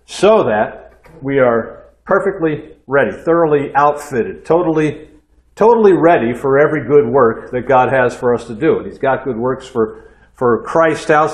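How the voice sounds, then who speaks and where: A man in his sixties preaching a sermon in a church with folksy storytelling and conversational asides. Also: mid-range voice. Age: 60s. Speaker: pastor. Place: church hall. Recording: echoey room.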